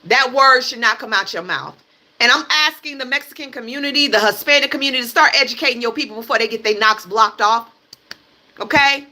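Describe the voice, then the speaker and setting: A woman's voice: on the high side, a little fast, pushed and bright. A young American woman hosting a livestream, delivering a heated, blunt and profane rant and hammering her points with repetition. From United States. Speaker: livestream host.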